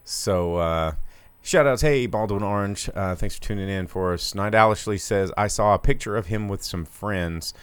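A man co-hosts a live podcast show, chatting casually, joking around, and putting on mock voices. His voice is lowish and smooth at a moderate pace, with no room sound audible.

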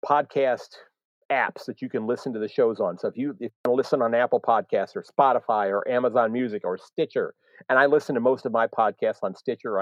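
A man's voice: mid-range voice, no echo, lo-fi sound. An American man hosting a live podcast, talking in a rambling way with many fillers and restarts. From United States. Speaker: podcast host.

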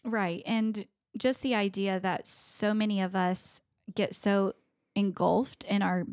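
A woman's voice: medium pitch, fairly even intonation, slow, darkish tone, dry recording, clean studio sound. A woman co-hosting a podcast in casual chat, upbeat and rambling with many fillers. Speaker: podcast co-host.

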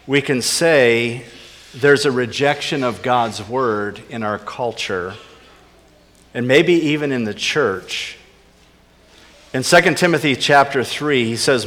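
A man preaching a sermon with earnest emphasis, his voice rising on key points and dropping to soft, low asides. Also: big-room sound. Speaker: pastor.

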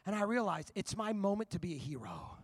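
A man preaching a sermon, telling a personal story in an animated, conversational way before turning to scripture. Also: high-pitched, brisk, breathy edge, no room sound, studio quality. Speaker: pastor.

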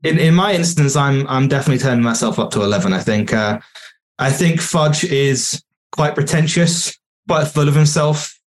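A man talking casually on a podcast, mid-pitched and easygoing. He swears freely and pokes fun at himself as he talks. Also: animated, moderate pace. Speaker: YouTube video creator, podcast guest.

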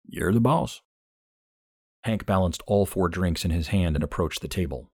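Deep husky male storyteller. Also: a little fast, no echo, studio quality. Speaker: narrator. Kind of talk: audiobook fiction narration.

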